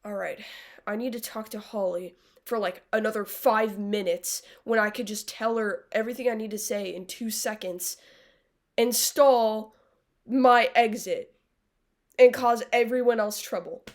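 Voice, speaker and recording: A woman's voice: on the high side, steady tone, measured pace. A woman mocking a dithering teen girl. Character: dithering teenage girl stalling in danger.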